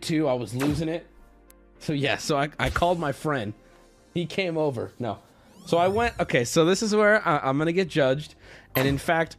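Brief: male streamer, casual storytelling, lively swooping pitch, fairly high voice, profane and self-mocking. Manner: animated, swearing, laughs at own stories.

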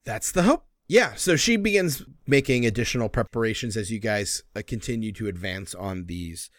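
A man narrating a science-fiction tabletop game as game master, describing scenes in a measured, descriptive way. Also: fairly low pitch, lively intonation, dry recording, clean studio sound. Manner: descriptive, measured, at times drawn out.

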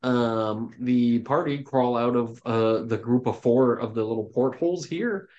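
A man narrates a tabletop game as its dungeon master, easygoing and unhurried, dropping ums and restarts as he describes the scene. His voice sits at an ordinary middle pitch. The sound is dull and lo-fi, like home call audio. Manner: relaxed, loose narration with many fillers and restarts. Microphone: home microphone on an online call.

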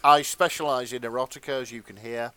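A man's voice: medium pitch, steady tone, pushed and bright, smooth, no echo. Giggly man reading fanfic aloud. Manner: reads slowly, often breaking into laughter. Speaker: podcast co-host and reader. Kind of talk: comedic dramatic fanfic reading.

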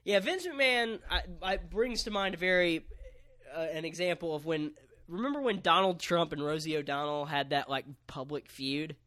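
A man casually chatting on a podcast, recapping a match in animated, profane play-by-play. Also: a little high, normal speed. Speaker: podcast co-host.

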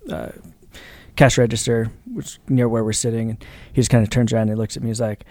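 Male priest, earnest storyteller, warm mellow tone, close dry mic. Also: medium pitch, little pitch movement, fast, dry recording. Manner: earnest, reflective, with frequent fillers. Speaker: Catholic priest, podcast co-host. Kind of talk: casual conversational storytelling.

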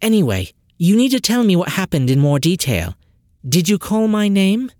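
Male narrator doing a brusque young woman time mage, raised pitch, clipped demands. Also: big pitch swings, normal speed, darkish tone, no room sound, studio quality. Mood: demanding. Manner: curt and demanding.

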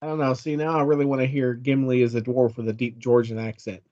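A man's voice: mid-range voice, little pitch movement, quick pace, a little mellow, no room sound. A man chatting on a casual podcast, repeating words as he stammers. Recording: dull lo-fi sound.

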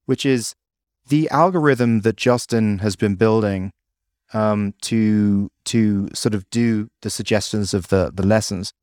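Low-voiced, hesitant male co-host. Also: a little slow, darkish tone, dry recording, studio quality. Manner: hesitant, musing, with many fillers. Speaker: podcast co-host. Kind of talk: casual chat.

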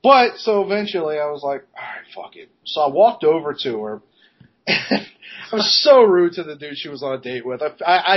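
A man co-hosting a podcast, telling a story in a casual, animated way, laughing and swearing as he goes. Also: on the high side. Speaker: podcast co-host. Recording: dull lo-fi podcast recording.

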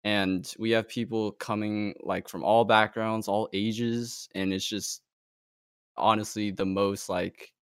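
Upbeat low-voiced man, dry sound. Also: level tone, slow, clean tone, no room sound. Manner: upbeat and supportive. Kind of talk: casual group chat.

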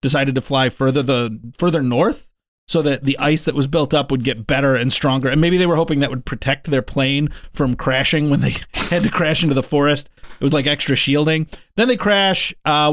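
A man's voice: mid-range voice, normal speed, no echo. Male podcast co-host, playful and blunt, dry studio sound. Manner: playful, jokey, blunt opinions. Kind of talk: casual movie podcast banter.

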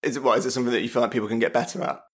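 A man's voice: mid-range voice, steady tone, very fast. A man hosting a casual podcast chat, talking hesitantly with lots of fillers. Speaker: podcast host.

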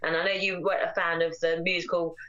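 Woman on a podcast, lowish voice, kinda muffled lo-fi sound. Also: level tone, quick pace, fairly bright tone. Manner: chatty, retells plots at length. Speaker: podcast co-host. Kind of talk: casual chat, film review.

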